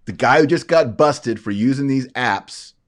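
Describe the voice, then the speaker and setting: A man hosting an online show, reading an article aloud and commenting on it to viewers, emphatic, with quiet asides. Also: mid-range voice, normal speed.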